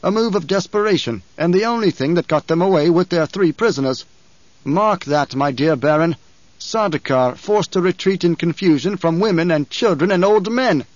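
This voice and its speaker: A scornful, imperious emperor, as a man reads him, raised in pitch and pushed loud and commanding. The recording is dry and a bit dull, like a plain audiobook booth. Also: normal speed, dry recording, close to an everyday voice.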